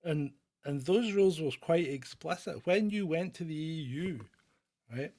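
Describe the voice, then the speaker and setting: A man's voice: a little high, lively intonation, a little slow, darkish tone. A middle-aged man from Britain hosting a live question-and-answer chat, blunt and opinionated, rambling with restarts as he answers viewers.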